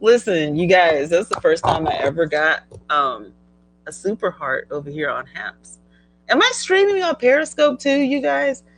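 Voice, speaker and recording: A woman's voice: medium pitch, low-quality recording. Chatty middle-aged woman hosting a livestream. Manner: chatty and animated, laughing often while reading viewer comments. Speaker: livestream host. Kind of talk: casual live-stream chat.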